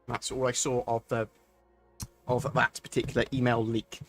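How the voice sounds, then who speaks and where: A man's voice: medium pitch, flat delivery, normal speed, dry recording, faint music behind. A man chatting on a live stream, answering viewer questions and rambling with many fillers and restarts. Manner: rambling, thinks aloud with many ums and restarts. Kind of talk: casual live-stream chat.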